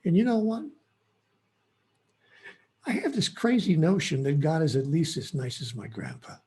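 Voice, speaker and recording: Male author guest, fairly high voice, gravelly and husky, earnest and emphatic. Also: big pitch swings, normal speed, a little mellow. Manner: earnest, emphatic, many restarts. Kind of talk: impassioned interview storytelling.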